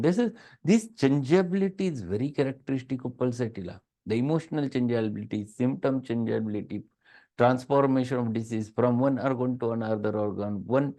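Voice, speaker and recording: A man with a Marathi-tinged Indian English accent gives a classroom lecture, stressing and repeating key words. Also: medium pitch. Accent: Marathi-influenced Indian English. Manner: emphatic, repeats key words, acts out patients' soft replies.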